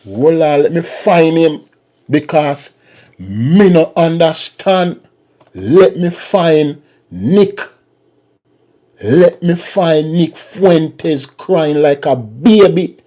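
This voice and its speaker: A man's voice: on the high side, lively intonation, very slow, warm tone. A man hosting a political commentary vlog and ranting in a mocking, repetitive way.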